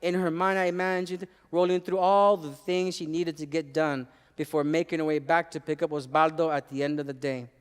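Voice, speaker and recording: A man's voice: fairly high pitch, little pitch movement, a little fast, hardly any pauses, smooth, long reverb tail. A man giving an emphatic spoken-word performance at a live arts venue, sprinkling his story with Spanish phrases. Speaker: poet and former teacher.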